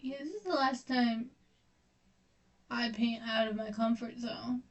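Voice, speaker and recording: A young woman with a slightly high voice rambles on in a casual stream chat, self-deprecating and cursing freely as she paints. She sits some distance from the microphone, so her voice sounds a bit far off. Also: fairly even intonation, a little slow, dull audio. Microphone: distant mic. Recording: voice distant from the mic.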